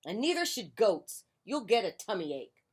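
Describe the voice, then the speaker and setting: A woman's voice: mid-range voice, big pitch swings, normal speed, slightly rough, pitched above the performer's own voice. A woman voicing a sulky, complaining female duck while reading a picture book aloud on a porch. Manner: sulky, grumbling. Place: on a porch outdoors.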